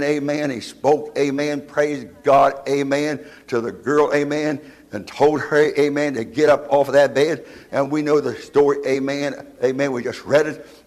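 A man's voice: mid-range voice, darkish tone. A man from West Virginia, preaching a sermon, filling nearly every phrase with amen and asking rhetorical questions. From West Virginia, USA. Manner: asks rhetorical "what?" questions.

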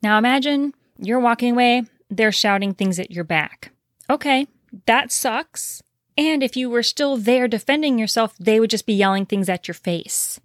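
A woman's voice: on the high side, animated, moderate pace, no echo, clean studio sound. A woman giving earnest, reassuring relationship advice, repeating key points for emphasis. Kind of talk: direct-to-camera advice talk.

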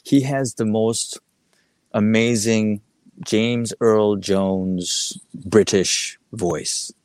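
A man's voice: lowish voice, fairly even intonation, extremely slow, a little mellow, clear, resonant tone, no room sound. A middle-aged man from the American Midwest telling a rambling story as a guest, full of "like" and "you know" with many restarts. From Midwest United States. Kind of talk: casual storytelling interview.

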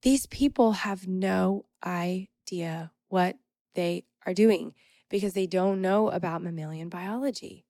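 A woman's voice: lowish voice, slow, dark tone, no room sound, studio quality. A young adult woman hosting a podcast, telling a personal story in an emphatic, indignant, casual way. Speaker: podcast host.

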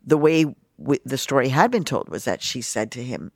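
Fifties woman from Mexico, journalist guest, expressive and lively, dry close recording. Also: rumbling low, moderate pace, gravelly, no echo. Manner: animated, expressive, acts out quotes. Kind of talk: personal storytelling in an interview.

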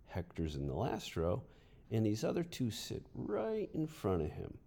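A man telling a funny story from his teaching days as a podcast host, in a lively and amused way. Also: on the low side, unhurried, vocal fry. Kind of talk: storytelling narration.

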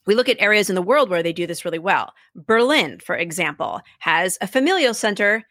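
A woman's voice: lowish voice, expressive, a little fast, a bit bright, dry recording, studio quality. A woman telling stories in a casual interview, enthusiastic, laughing often and acting out quotes. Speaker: podcast creator, guest.

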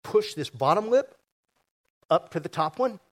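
Male pastor, slightly high voice; lively, joking sermon delivery with audience asides. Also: measured pace. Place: church sanctuary before a congregation.

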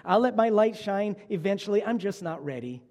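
A man's voice: high voice, lively intonation, brisk, a little mellow. A man playing a fussy talking candle. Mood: earnest. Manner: earnest, self-justifying excuses.

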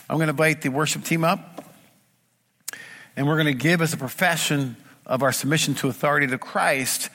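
A man's voice: fairly high pitch, sharp tone, long reverb tail. A middle-aged man preaching a sermon as pastor, earnest and emphatic, building his points through repeated phrases. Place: church sanctuary.

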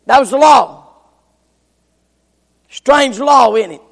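An older man preaching a sermon, swinging from shouts to hushed near whispers. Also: extremely high pitch, expressive, slow, vocal fry. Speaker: pastor. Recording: long hall reverb.

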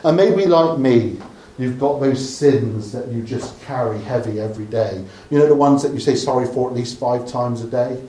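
In a medium-pitched voice at normal speed, with few pauses, a Dorset man gives a sermon by retelling a story conversationally. He adds humorous asides and lets his voice fall to a hush at the close, in an echoey room.

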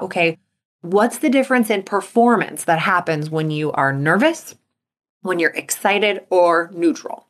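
A woman hosting a motivation podcast as a coach. She talks in an upbeat way and acts out inner thoughts in a lively voice. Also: fairly low pitch.

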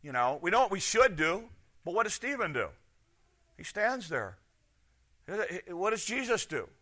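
A man preaching a sermon, firing off rhetorical questions and swinging between loud and hushed. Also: sits high, sing-song, moderate pace. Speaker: pastor.

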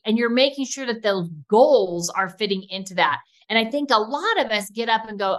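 A woman co-hosting a podcast who talks quickly and with plenty of enthusiasm. Her delivery is lively and conversational, easy-going chat with a listener in mind. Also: fairly high pitch. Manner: enthusiastic, fast-talking, animated. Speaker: podcast co-host.

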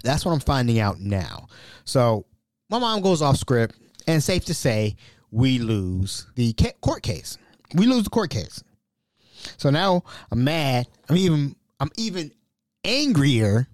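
A man telling a personal story on his podcast in a lively, casual way, at an ordinary pitch. The recording is dry and close, with no room sound. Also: slow pace, dry recording. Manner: animated, drops to whispers when quoting himself. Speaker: podcast host.

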